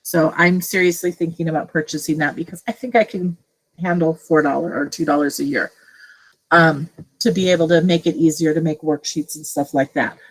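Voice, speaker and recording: Middle-aged woman trainer, low-pitched, casual and chatty, screen-share tutorial. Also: steady tone, a little fast, low-quality recording. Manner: casual, chatty, thinking aloud with fillers. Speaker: teacher leading a tech training session.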